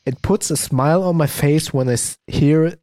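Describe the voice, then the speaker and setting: A man's voice: fairly high pitch, normal speed, mellow, no echo. A man hosting a podcast, asking curious and playful questions in a casual chat. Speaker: podcast host. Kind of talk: casual interview.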